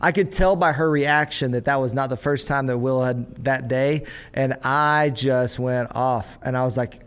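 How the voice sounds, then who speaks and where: A young adult man hosting a church podcast in a casual, chatty way. He is an animated storyteller who slips into quick voices for his kids and his own father. His pitch sits in the middle for a man. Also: clean tone. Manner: animated storyteller acting out family scenes. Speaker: podcast host and pastor.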